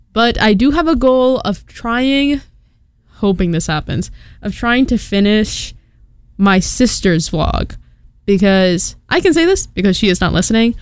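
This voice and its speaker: Chatty young woman, smooth dry voice. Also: mid-range voice, dry recording. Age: 20s. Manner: chatty and self-deprecating, quick laughs. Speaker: podcast host. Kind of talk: casual solo podcast chat.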